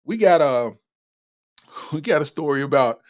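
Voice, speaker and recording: A man hosting a comedy podcast, reacting loudly to a news story with exclamations, laughter and repeated punchlines. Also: fairly high pitch, lively intonation, a little slow. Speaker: podcast host. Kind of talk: comedic commentary.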